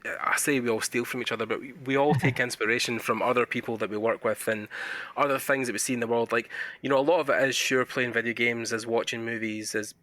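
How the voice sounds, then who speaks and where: A man with a Scottish accent hosting a podcast interview, chatting casually and telling animated stories. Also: mid-range voice, fast, few pauses. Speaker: podcast host.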